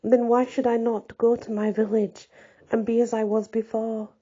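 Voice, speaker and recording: A woman voicing a gentle, earnest young peasant woman soldier in a husky, dark voice. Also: fairly high pitch, little pitch movement, normal speed, lo-fi sound.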